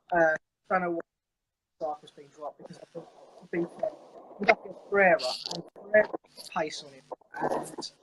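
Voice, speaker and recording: A man's voice: a little high, very noisy. A man on a video call giving his opinions on a football match, earnest and opinionated. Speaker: caller. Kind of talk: casual football chat.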